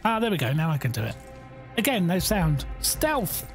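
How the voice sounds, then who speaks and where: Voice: medium pitch, big pitch swings, fairly quick, soft background music. A game streamer gives bemused live commentary, thinking aloud and exclaiming at what happens.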